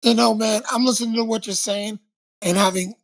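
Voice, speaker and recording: A man's voice: sits high, steady tone, brisk, creaky. An older man from Long Island, New York, telling stories in a casual conversation and animatedly acting out the voices he quotes. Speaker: co-host, former TV host.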